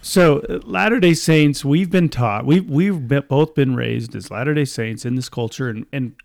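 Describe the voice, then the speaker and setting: A man's voice: medium pitch, moderate pace, gravelly, darkish tone. A man with a mid-range voice talks with his co-host in an easy, conversational way, slipping in stories and dry jokes. The recording is close and dry, with no echo. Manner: conversational, anecdotal, dry humor. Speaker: podcast co-host. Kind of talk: casual religious discussion.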